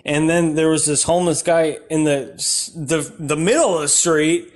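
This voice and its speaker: A man doing rambling, absurd stand-up comedy in a deadpan way, breaking into sudden shouted outbursts. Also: on the high side, normal speed.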